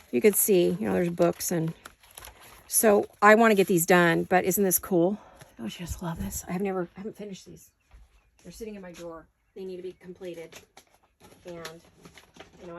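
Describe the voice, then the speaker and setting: Casting note: rambling woman crafter, gravelly tone, hiccupy, noisy home studio with clicks. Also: mid-range voice. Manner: chatty, rambling, self-correcting. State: has the hiccups. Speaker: crafting channel host. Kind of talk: casual crafting tutorial chat.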